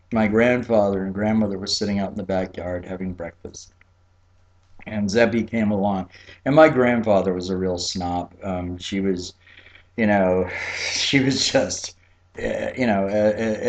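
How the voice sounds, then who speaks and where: A man from Key West, Florida telling a childhood story in a relaxed, chatty way, with frequent fillers and laughs. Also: on the low side, unhurried. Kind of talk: personal storytelling.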